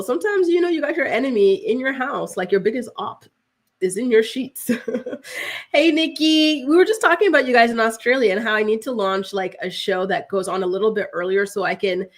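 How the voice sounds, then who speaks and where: A woman's voice: a little high, expressive, brisk. A woman hosting a live celebrity gossip show, chatting casually with many "like"s and reading out viewer comments. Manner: chatty, heavy use of "like", reads out viewer comments. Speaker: host of a celebrity news show.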